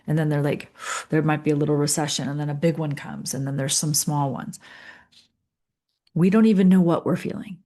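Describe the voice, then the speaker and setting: A middle-aged woman leading a guided coaching session, calm and earnest, repeating phrases with pauses. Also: deep voice, slight background noise. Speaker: leadership coach.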